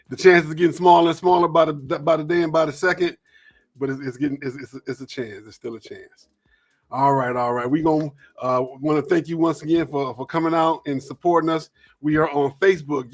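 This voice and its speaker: A man hosts a loose, live sports talk show. His voice sits a little high. He rambles, restarts and fills pauses with uh.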